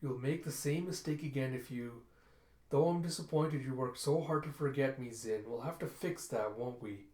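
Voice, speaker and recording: A soft-voiced, mocking empress who toys with her listener, as a man puts her on. The voice is mid-range and sits in an echoing room. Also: medium pitch, moderate pace, lightly acted. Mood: taunting. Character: taunting, mocking woman empress.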